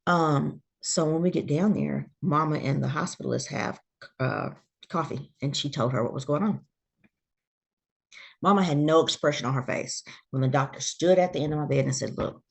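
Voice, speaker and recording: A guest from Georgia, USA, shares her personal story in an easygoing interview, speaking at normal speed in a low, creaky voice. She animates the tale by voicing the people she quotes.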